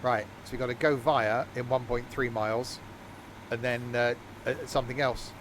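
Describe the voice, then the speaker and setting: A worn-out man rambles through relaxed live-stream commentary, laughing at himself as he goes. His voice sits in an ordinary middle pitch. A faint hum runs underneath. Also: moderate pace. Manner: rambling, self-mocking, chuckling often. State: very tired.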